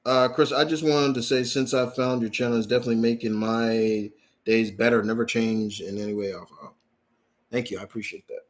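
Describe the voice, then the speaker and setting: A man's voice: mid-range voice, fairly even intonation, a little fast. A man hosting a live question-and-answer stream, ranting in a profane, heated way, repeating himself for emphasis and reading viewer questions aloud. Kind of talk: unscripted live-stream rant.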